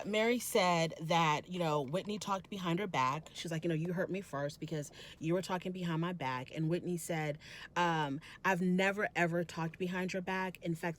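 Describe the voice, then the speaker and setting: A woman hosting a casual reality TV recap, retelling scenes and acting out the quotes in quick bursts. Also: on the low side.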